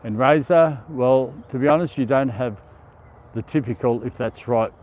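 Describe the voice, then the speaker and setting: A man's voice: medium pitch, normal speed, a little mellow, muffled recording. A middle-aged Australian man hosting a casual live stream outdoors, reading viewer comments aloud and laughing often. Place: outdoor park.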